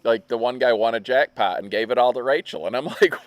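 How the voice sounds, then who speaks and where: A middle-aged man from Michigan with a rural drawl, co-hosting a casual podcast chat and telling stories in an animated way. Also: mid-range voice, fast talker, dry recording. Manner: animated storyteller, acts out others' voices. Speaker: podcast co-host.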